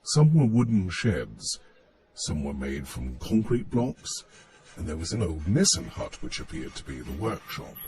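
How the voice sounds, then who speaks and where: A man narrating a story in a measured, expressive reading voice. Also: low-pitched, noisy background.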